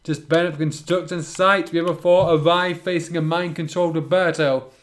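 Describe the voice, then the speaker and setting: A man's voice: on the high side, fairly even intonation, fairly quick. Sarcastic man reading fan fiction aloud. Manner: sarcastic, interrupts the reading with wry remarks. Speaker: reader and commentator.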